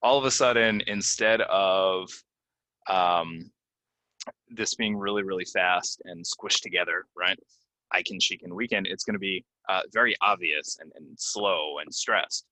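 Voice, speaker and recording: A young man with a low but bright, forceful voice teaches English pronunciation. He talks casually, full of ums, then slows right down to model each word carefully. The sound is close and dry. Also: dry recording. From United States. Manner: slow, stressed model pronunciations with many ums. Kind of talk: casual spoken lesson to learners.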